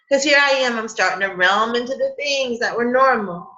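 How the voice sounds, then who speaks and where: A woman's voice: fairly high pitch, brisk, bright, forceful tone. A woman hosting a casual spiritual chat, talking with heartfelt emotion and many fillers, laughing and close to tears. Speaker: host of a spiritual coffee chat. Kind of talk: casual heartfelt talk to a live group. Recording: dull lo-fi stream audio.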